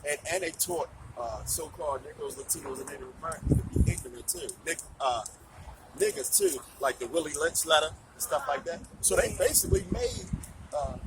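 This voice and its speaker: A man adding to a street debate, halting and using fillers. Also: on the high side, lively intonation, noisy background.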